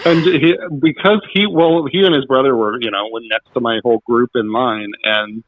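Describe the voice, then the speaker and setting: A mid-range male voice at normal speed, recorded dry, with a dull lo-fi sound. He is a guest on a talk show, telling stories animatedly and acting out quotes with laughs in a casual interview.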